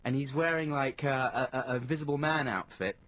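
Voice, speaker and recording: A man co-hosting a radio show, telling stories in a lively, animated way and acting out what people said. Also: mid-range voice, fairly quick. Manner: animated storyteller, acts out quotes. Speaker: radio co-host. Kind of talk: casual radio chat. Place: radio studio. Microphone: studio microphone.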